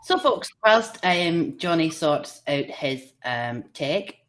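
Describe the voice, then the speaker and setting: Scottish woman host, low-set but very lively voice, cheeky live-stream banter. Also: takes it slowly. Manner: bubbly, laughs often, cheeky banter. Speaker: livestream show host. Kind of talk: casual live-stream chat.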